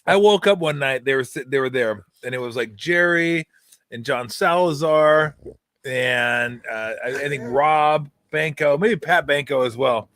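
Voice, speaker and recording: A man's voice: medium pitch, a little slow, dry recording. A middle-aged man hosting a sports talk show, telling jokey stories in casual chat. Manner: storytelling, jokey, animated retellings. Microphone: streaming call mic.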